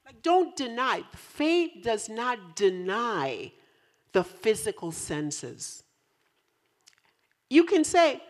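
A woman preaching a sermon with a lot of animation. Her voice climbs to loud, emphatic peaks and drops back down. She teases her congregation as she goes. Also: fairly high pitch, sing-song, slow. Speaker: pastor. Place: church in central New York.

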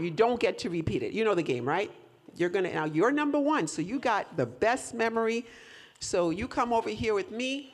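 A woman's voice: medium pitch, lively intonation, moderate pace. A woman leading a live audience through a whisper game, coaxing volunteers and laughing often. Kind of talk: lively audience participation.

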